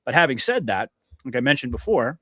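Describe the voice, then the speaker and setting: A man hosting a conversational podcast, earnest and emphatic, often restarting his sentences. His voice sits at an ordinary middle pitch. The recording is close and dry, with no room sound. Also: very animated, a little fast, a bit bright, no echo. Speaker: podcast host. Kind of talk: casual conversational interview.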